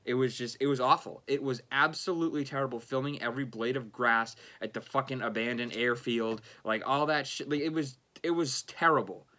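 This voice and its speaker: Bright-voiced young man rambling frustratedly. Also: mid-range voice, fairly quick, hardly any pauses. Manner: casual and frustrated, heavy swearing, frequent fillers. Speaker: YouTuber. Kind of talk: unscripted rambling monologue.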